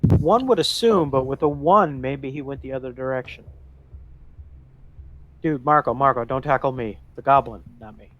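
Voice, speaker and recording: A man with a mid-range voice joins a tabletop game, talking casually and explaining the rules. Quiet music runs underneath. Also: medium pitch, normal speed, muffled recording. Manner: chatty, explains the rules eagerly. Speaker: player.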